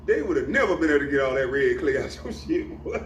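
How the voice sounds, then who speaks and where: A man's voice: fairly high pitch, big pitch swings, brisk, a little hiss or hum. Taunting man ranting, off-mic echo. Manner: profane, taunting, laughs at his own jabs. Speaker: vlogger. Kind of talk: confrontational rant to camera. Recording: echoey room, off-mic, faint ambience.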